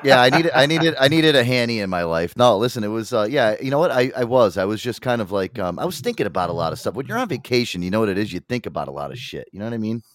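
A man's voice: fairly low pitch, animated, fast, hardly any pauses, fairly bright tone, no room sound, studio quality. A man hosting a podcast, telling loose, profane stories full of restarts and "you know.". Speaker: podcast host. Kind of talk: casual storytelling chat.

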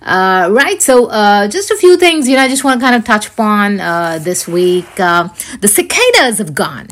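A woman's voice: mid-range voice, big pitch swings, normal speed, fairly bright tone. A woman hosting her own podcast, chatting casually on her own and rambling with many fillers and restarts. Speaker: podcast host. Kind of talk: casual solo podcast chat.

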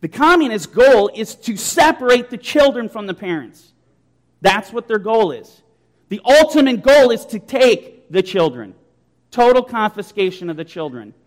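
A man preaches with a high-pitched voice. He drives every point home emphatically, his tone swelling with conviction. His rhetorical questions keep pressing the listeners. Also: lively intonation, normal speed. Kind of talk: sermon.

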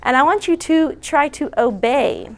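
A woman leading an interactive workshop session indoors, chatty and directing volunteers with quick asides. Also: high voice, lively intonation, gravelly. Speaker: workshop speaker. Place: indoor room.

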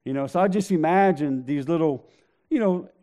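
A man's voice: fairly high pitch, brisk, dark tone. A man preaching a sermon, joking with the congregation in a conversational way. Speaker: pastor.

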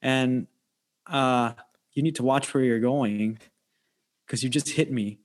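Podcast guest guy rambling thru a story, keeps restarting, middle pitch. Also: slow. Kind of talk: casual chat.

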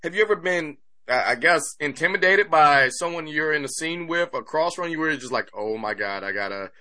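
A man's voice: a little high, a little fast, pushed and bright. A man hosting a podcast, asking an actor questions in a curious, casual way with long run-ups. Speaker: podcast host.

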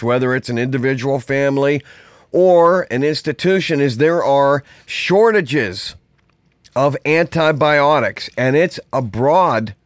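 A man hosting a podcast in a loose, rambling monologue, his voice sitting at an ordinary middle pitch. He drifts through asides in an easy, conversational way. The sound is dry and close to the mic, with no room echo. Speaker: podcast host. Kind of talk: casual monologue.

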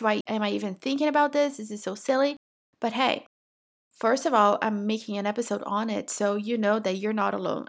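A woman's voice: a little high, gravelly. A middle-aged woman from Brazil with a Brazilian accent, hosting her podcast in a direct, encouraging way. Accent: Brazilian Portuguese. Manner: direct, encouraging, talks straight to the listener. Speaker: podcast host. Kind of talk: casual solo podcast talk.

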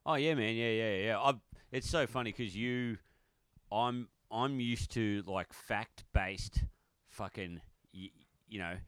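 A young Australian man talks low but bright, his voice smooth and clear. He chats in a relaxed, agreeable way and swears casually. The sound is dry and close. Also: slow pace, dry recording. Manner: laid-back, agreeing, swearing. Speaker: podcast co-host. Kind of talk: casual chat.

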